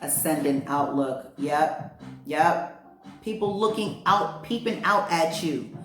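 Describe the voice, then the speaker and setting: A woman's voice: deep voice, lively intonation, takes it slowly, a bit bright. A woman giving a casual spiritual astrology reading, chatty and heartfelt, with lots of fillers and slang. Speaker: astrology and tarot reader. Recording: roomy echo, faint music behind.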